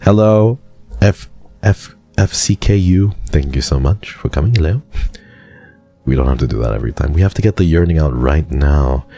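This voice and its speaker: A man with an extremely low voice, a gravelly fry under his words and a dark, mellow tone chats with his live-stream viewers. He teases them playfully and keeps thanking them, while faint music plays underneath. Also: expressive, moderate pace. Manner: playful and teasing, with frequent thank-yous to viewers. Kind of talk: casual live-stream chat, reading and answering chat.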